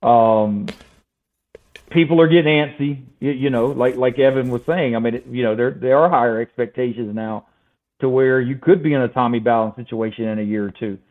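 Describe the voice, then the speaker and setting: A man's voice: mid-range voice, fairly quick. A man chatting casually as a guest on a sports podcast, hedging with fillers as he talks. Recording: tinny phone-like line.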